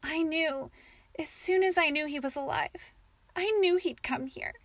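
Woman reader doing a frightened young wife, insistent, slightly high voice, dry close sound. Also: a little slow, dry recording. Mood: fearful, insistent. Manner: fearful and insistent. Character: frightened young wife hiding from her past.

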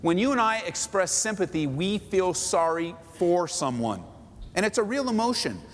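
A man's voice: sits high, sing-song, normal speed, long reverb tail. A man pastor teaching a Bible study sermon in a church sanctuary, earnest, repeating phrases and stretching out key words.

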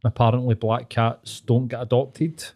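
A Glaswegian man chatting on a podcast in a loose, crude, laid-back way, dropping swear words as he tells stories. His voice sits at an ordinary, middle pitch for a man. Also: flat delivery, moderate pace, darkish tone. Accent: Glaswegian Scottish. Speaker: podcast co-host. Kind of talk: casual podcast chat.

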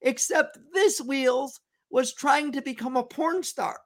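A man who is a guest comedian in casual chat, relaxed and agreeable, adding his own stories. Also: very high-pitched, slow pace.

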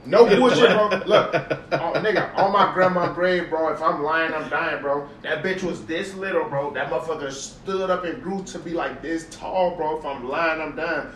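An animated young man, telling a story to friends with swearing and constant emphatic repetition. He sits back from the mic in an echoey room with faint noise behind him. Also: on the high side, moderate pace, far from the mic, a crowd in the background. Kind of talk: casual storytelling among friends.

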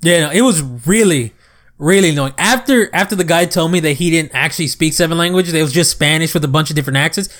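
A young man casually telling a story in an animated, profane way. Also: a little high, fast. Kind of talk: casual chat.

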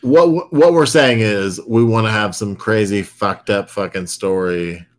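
A man co-hosting a casual podcast, cutting in with quick jokes. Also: fairly low pitch. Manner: quick jokey interjections. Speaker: podcast co-host. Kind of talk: casual chat.

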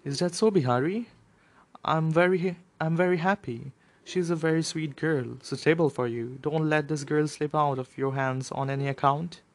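A man's voice: on the high side, normal speed, no room sound, pitched above the performer's own voice, natural voice. A stern, middle-aged mother from a storybook, reproachful and commanding, voiced by a male narrator. She speaks in a somewhat raised voice and scolds freely. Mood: pleased. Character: proud domineering Bengali mother, middle-aged woman.

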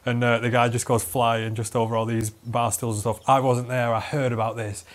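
A man's voice: medium pitch, flat delivery, brisk, slight background noise. A man, a podcast host telling a rambling story, swearing and laughing as he goes. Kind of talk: casual storytelling chat.

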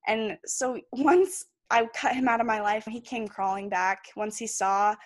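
A woman's voice: mid-range voice, dry recording. Young woman guest on a podcast, earnest and open, dry close sound. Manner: earnest, candid storytelling. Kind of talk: personal story in a podcast interview.

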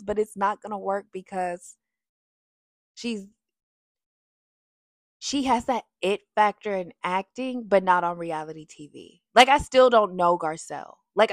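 Woman, casual opinionated recap, sassy and animated, mid pitch, dry sound. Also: no room sound. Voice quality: animated, sassy, breaks into sung lines. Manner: chatty, addresses viewers as y'all. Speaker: reality TV recap host.

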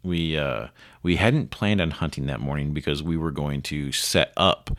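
A man's voice: rumbling low, normal speed, a bit bright. A middle-aged man hosting a podcast, telling a story in a loose, rambling way and chuckling often as he goes. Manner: loose, rambling delivery with many fillers. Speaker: podcast host.

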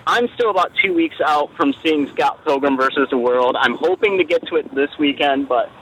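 A man leaves a casual voicemail with a fairly high-pitched voice. He rambles from thought to thought, cracking self-deprecating jokes along the way. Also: moderate pace, fairly bright tone, slight background noise, poor audio. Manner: jokey, meandering, self-deprecating. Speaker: voicemail caller.

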